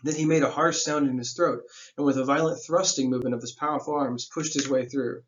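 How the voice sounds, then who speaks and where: A man's voice: medium pitch, fairly even intonation, fairly quick, dull audio. A man reading a novel aloud as a teacher, breaking off for casual asides that explain the plot in plain slang.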